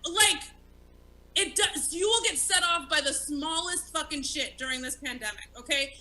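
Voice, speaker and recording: A woman's voice: high voice, moderate pace, bright, forceful tone, poor audio. A woman in her late thirties, a stand-up comic hosting an online talk show, talking candidly and with plenty of profanity. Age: 30s. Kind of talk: casual live-streamed talk show chat.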